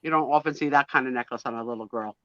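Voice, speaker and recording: A woman's voice: very deep voice, rapid-fire, fairly bright tone, dry recording. A middle-aged woman co-hosting a live online sale, chatting bluntly and teasing in a casual way. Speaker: co-host on a live photo sale stream. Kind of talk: casual chat. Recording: dull, lo-fi sound.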